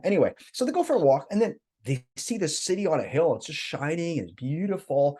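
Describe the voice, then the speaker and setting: Man, life coach, animated storytelling, lively voice, podcast guest. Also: a little high, fast, hardly any pauses, slightly rough.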